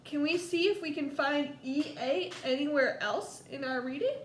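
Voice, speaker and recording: A woman with a Southern US accent teaching a first grade lesson, slow and coaxing, stretching words out for young children. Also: sits high. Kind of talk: recorded distance-learning lesson for young children. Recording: echoey room, faint background noise.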